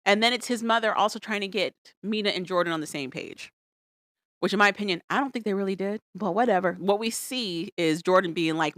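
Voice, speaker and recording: A woman's voice: medium pitch, brisk, no echo, studio quality. A woman co-hosting a podcast, recapping reality shows in casual chat and acting out what people said with playful voices. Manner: animated, acts out quotes with playful voices. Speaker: podcast co-host.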